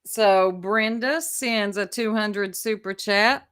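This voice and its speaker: A woman's voice: medium pitch, slow, hardly any pauses, a bit bright, smooth. A woman, chatting casually with viewers and laughing as she reacts to clips. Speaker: commentary streamer.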